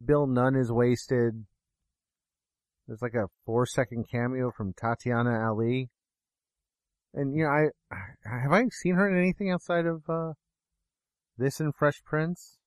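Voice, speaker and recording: A man's voice: medium pitch, fairly even intonation, a little slow, long pauses, dry recording. A man co-hosting a film review podcast, talking in a jokey, rambling, self-deprecating way. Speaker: podcast co-host reviewing films. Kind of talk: casual chat.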